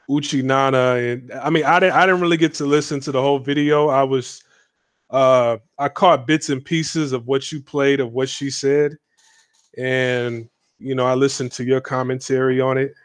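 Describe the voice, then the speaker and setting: A man's voice: mid-range voice, clear, resonant tone, no room sound, studio quality. A man speaking as a guest on a livestream, talking bluntly and rambling with fillers and restarts. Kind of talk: casual livestream commentary.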